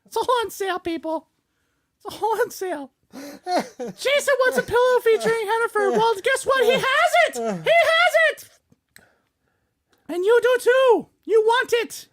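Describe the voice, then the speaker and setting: Squeaky giggly woman hamming an ad read. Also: very animated, unhurried, pauses often. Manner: silly, giggly, hamming it up in a put-on voice. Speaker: podcast co-host. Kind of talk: goofy sponsor read on a fan podcast.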